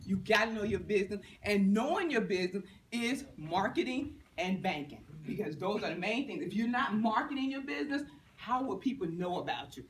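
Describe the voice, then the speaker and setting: A middle-aged woman from Virginia, a banker giving a lively motivational talk to students, often laughing and acting out what people said. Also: medium pitch, a little fast. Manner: lively, laughing, acts out quotes. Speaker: banker and guest speaker. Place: university lecture room. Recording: echoey room, distant mic, faint noise.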